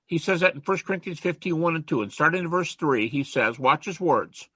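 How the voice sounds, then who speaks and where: An older man lectures in a chatty, emphatic way. His voice is bright and slightly husky, pitched a little higher than most men. The recording is dry, with no room sound. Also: brisk, hardly any pauses, no room sound. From United States. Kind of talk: informal lecture.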